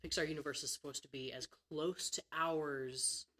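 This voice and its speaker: A man's voice: a little high, fairly even intonation, normal speed, pushed and bright. A man co-hosting a podcast in casual chat, opinionated and emphatic. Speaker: podcast co-host.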